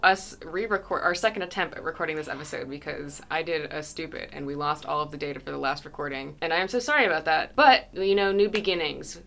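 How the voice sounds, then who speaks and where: A woman's voice: low-pitched, gravelly, bright, forceful tone. A young woman co-hosting a casual college podcast, chatty and playful. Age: young adult. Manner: playful, chatty, quick laughter. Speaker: podcast co-host.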